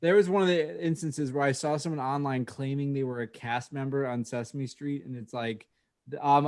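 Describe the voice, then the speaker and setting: A man's voice: medium pitch, steady tone, normal speed, a little mellow. A man in casual podcast banter, blunt and sarcastic, swearing freely. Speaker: podcast co-host. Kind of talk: casual comedic chat.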